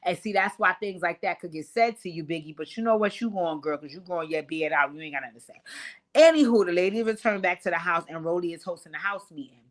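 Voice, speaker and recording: A woman hosting a casual reality-show recap, talking in a brash, profane, animated way. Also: on the low side, quick pace, hardly any pauses. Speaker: host.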